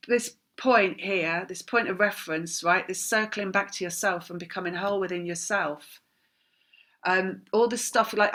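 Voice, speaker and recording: Bright-voiced woman giving a rambling tarot reading. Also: medium pitch. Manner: rambling, repeats words in long chains; apologetic, laughs at herself. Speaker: tarot reader. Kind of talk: spiritual tarot reading monologue.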